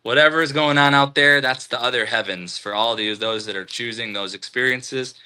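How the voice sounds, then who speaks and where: Bright, smooth-voiced man hosting a live stream. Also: mid-range voice, normal speed. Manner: loose, rambling, spiritual musings between greeting viewers. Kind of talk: casual live stream chat with viewers.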